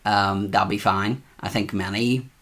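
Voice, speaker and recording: Male co-host, low voice, lively anecdotes, chatty. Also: unhurried. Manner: animated storytelling, acts out quotes. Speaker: podcast co-host. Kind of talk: casual chat.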